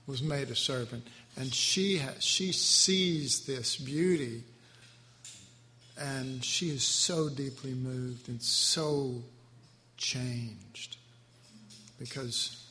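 A man giving devotional Bible teaching in a tender, halting, emotionally moved way. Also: a little high, pushed and bright. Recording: echoey hall with faint background noise.

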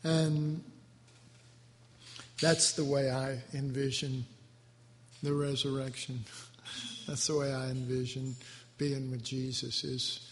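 A man giving devotional Bible teaching in a tender, halting, emotionally moved way. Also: mid-range voice, level tone. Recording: echoey hall with faint background noise.

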